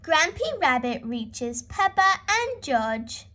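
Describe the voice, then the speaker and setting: Woman storyteller for preschoolers, high lively voice, unhurried read-aloud. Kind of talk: children's read-aloud narration.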